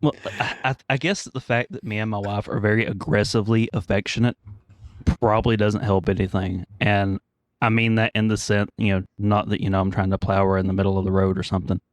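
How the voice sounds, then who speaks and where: A man's voice: lowish voice, little pitch movement, fairly quick, dry recording. A man co-hosting a podcast, fighting a cold, telling rambling family stories and laughing at his own jokes. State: congested with a cold. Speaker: podcast co-host. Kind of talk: casual chat.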